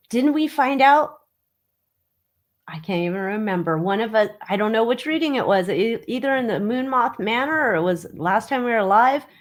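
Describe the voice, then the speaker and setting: A woman hosting a casual livestream, mocking and gossipy, with loud exclamations, talking into her webcam. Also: mid-range voice. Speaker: livestream host reading tarot on tabloid stories.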